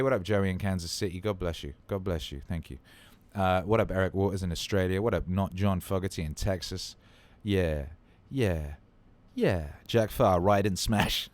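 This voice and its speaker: A tired man hosting a livestream, chatting loosely and swearing freely as he greets viewers. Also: sits low. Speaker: livestream host. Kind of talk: casual livestream chat.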